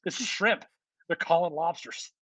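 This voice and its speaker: A man from the United States co-hosting a comedy podcast, chatty and quick to laugh as he riffs on tangents. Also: a little high, fairly bright tone, no echo, rough recording. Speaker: podcast co-host. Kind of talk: casual comedic chat.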